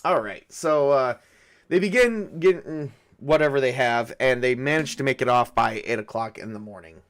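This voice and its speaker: A man acting as a solo game master narrates a tabletop game, thinking aloud hesitantly with plenty of fillers. His voice sits at a middling pitch, a bit bright, at a normal speed.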